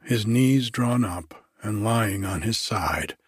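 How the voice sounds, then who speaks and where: A man narrating a classic story in a measured, deliberate reading. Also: lowish voice, husky, no echo, clean studio sound. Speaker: audiobook narrator.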